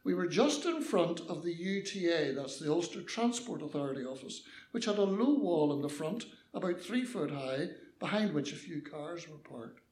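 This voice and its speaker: Older Northern Irish storyteller, roomy sound. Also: male voice, a little high, normal speed, few pauses. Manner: lively, mischievous, acts out voices. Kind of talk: personal anecdote storytelling.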